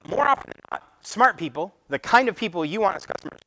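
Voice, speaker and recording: A man speaking at a meetup, giving a lively presentation and acting out conversations with clients. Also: sits high, fast talker, a little hiss or hum, rough recording. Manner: animated, acts out client conversations. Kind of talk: live presentation to a meetup audience. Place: meetup room.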